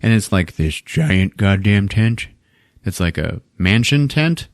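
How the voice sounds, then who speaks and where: A man's voice: lowish voice, big pitch swings, takes it slowly, dry recording, studio quality. A man hosting a podcast, casually retelling a movie plot with lots of laughing and swearing. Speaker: podcast host.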